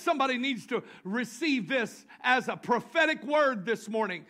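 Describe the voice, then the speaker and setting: A pastor with a Southern US accent preaching a sermon to his church, swinging from quiet asides to drawn-out shouted declarations. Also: high-pitched, animated. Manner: builds to shouting, drawn-out emphatic lines. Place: church sanctuary.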